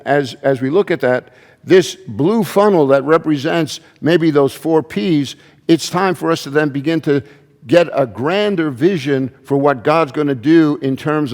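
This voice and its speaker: A man's voice: on the high side, unhurried, darkish tone, in a large hall. A man preaching a sermon as pastor, in a conversational style with frequent restarts and asides. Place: church.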